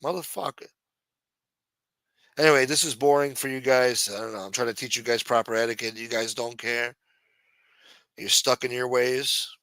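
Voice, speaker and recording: A man's voice: medium pitch, steady tone, a little fast, sharp tone, no room sound. A man from New York with a New York accent hosting a late-night show, rambling and swearing in a sarcastic casual monologue. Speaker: host.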